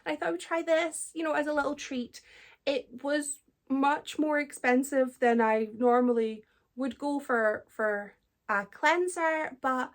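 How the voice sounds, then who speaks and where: A young woman with a Scottish accent talks through her week in a loose, chatty way. Her voice sits high and she laughs easily, often poking fun at herself. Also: a bit bright. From Scotland. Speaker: book vlogger. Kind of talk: casual vlog chat.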